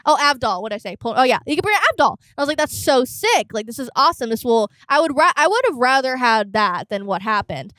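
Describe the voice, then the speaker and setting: A young woman co-hosts in casual chat, retelling scenes with crude jokes and bits of acted dialogue. Her voice sits a little high. The recording is dry and close. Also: fast talker, few pauses, dry recording. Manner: animated storyteller, crude humor, acts out characters. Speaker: podcast co-host.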